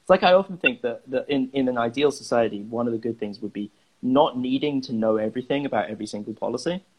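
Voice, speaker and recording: A man's voice: mid-range voice, fast, muffled recording. A man co-hosting a podcast who muses about ideas in thoughtful casual chat, hedging often with "like" and "I think". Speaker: podcast co-host.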